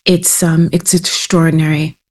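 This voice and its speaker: Reflective woman guest, lowish voice. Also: level tone, normal speed, a little mellow. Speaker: writer, interview guest. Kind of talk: interview answers.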